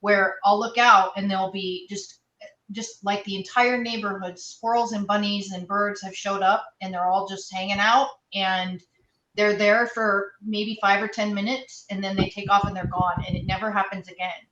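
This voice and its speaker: A woman's voice: mid-range voice, flat delivery, moderate pace, a bit bright, distant mic, highs cut off. A woman telling a story in a heartfelt way during a casual panel chat. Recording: echoey room, away from the mic.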